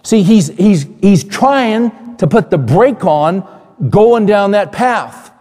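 A male pastor preaching a sermon in a conversational, animated way, repeating phrases and asking the congregation questions. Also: sits high, takes it slowly. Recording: long hall reverb.

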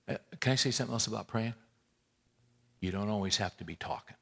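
A middle-aged male pastor preaching a sermon in a conversational way, moving between loud emphatic points and quiet, intimate passages. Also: lowish voice, animated, brisk, creaky, long pauses, slightly rough.

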